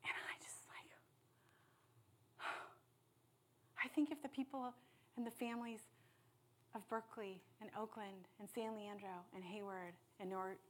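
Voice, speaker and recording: A woman preaching a sermon with passion, dropping to hushed tones and then rising to loud appeals. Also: mid-range voice, steady tone, a little slow, long pauses, slight background noise. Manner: impassioned, swings from hushed to loud.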